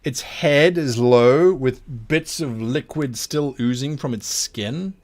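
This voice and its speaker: A man narrating a tabletop game as game master, describing scenes in slow detail. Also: medium pitch, a little mellow.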